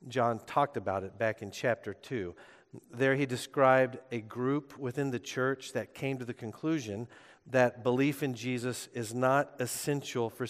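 A man's voice: medium pitch, long reverb tail. A man preaching a sermon as pastor, in a conversational storytelling way with frequent filler words. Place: church sanctuary.

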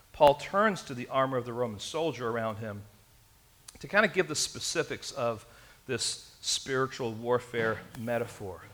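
Bright-voiced man preaching a sermon. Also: mid-range voice. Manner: earnest preaching, addressing the congregation directly. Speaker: pastor.

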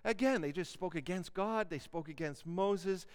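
A man preaching a sermon in an animated way, acting out questions and objections. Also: high-pitched, normal speed, clear, resonant tone.

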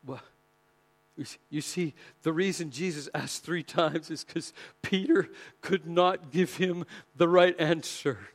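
An impassioned male preacher delivers a sermon in a voice pitched higher than most men's. He swings between loud, emphatic lines and quiet, hushed passages. The delivery is dramatic and intense. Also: unhurried.

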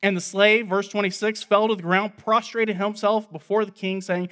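Higher-voiced man preaching emphatically. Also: flat delivery, normal speed, few pauses. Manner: emphatic, asks rhetorical questions and answers them; shifts between loud stress and quiet, low asides. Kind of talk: expository sermon.

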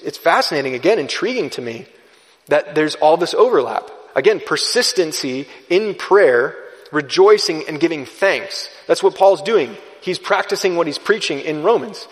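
A man preaching a sermon in a church, earnest and measured, sometimes restarting his words. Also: on the high side, big-room sound. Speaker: pastor. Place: church sanctuary.

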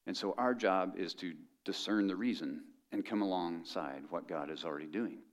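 A man's voice: low voice, normal speed. A middle-aged man preaching a sermon as pastor, conversational and joking with the congregation.

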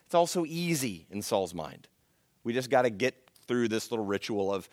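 A man preaching a sermon, animated, slipping into the voices of the people he quotes. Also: mid-range voice, fairly quick, no room sound, clean studio sound. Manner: animated, acts out quoted excuses. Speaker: pastor.

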